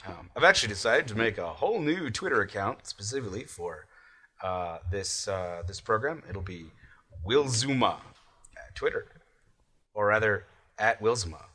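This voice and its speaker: A man's voice: lowish voice, lively intonation, normal speed, bright, forceful tone, slight background noise. A man playing in a tabletop game podcast who speaks hesitantly, trailing off. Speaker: player. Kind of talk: casual podcast chat.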